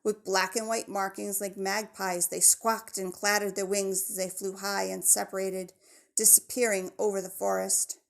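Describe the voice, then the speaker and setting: A woman narrating a children's novel in a steady, measured storytelling voice. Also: medium pitch, creaky. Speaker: audiobook narrator.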